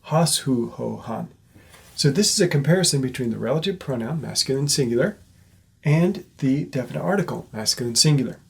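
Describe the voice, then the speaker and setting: A man's voice: mid-range voice, husky. A man giving a recorded class lecture, explaining step by step in a patient way and checking in with his listeners. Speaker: teacher.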